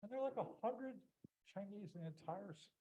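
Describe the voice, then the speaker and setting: A man's voice: high voice, expressive, a little fast, dark tone, low-quality recording. A man speaking as an author on a panel, making thoughtful, reflective points. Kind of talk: panel discussion.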